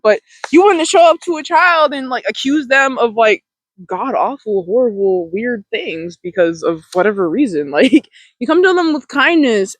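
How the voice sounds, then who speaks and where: A self-help host talking casually to camera, rambling with fillers and laughs, gentle and encouraging. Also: mid-range voice, no room sound, rough recording.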